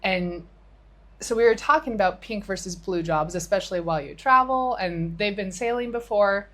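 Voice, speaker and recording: Speaking at a moderate pace in a medium-pitched, fairly bright voice, a middle-aged woman co-hosting a podcast casually recounts a talk she had with a friend, with a few restarts along the way.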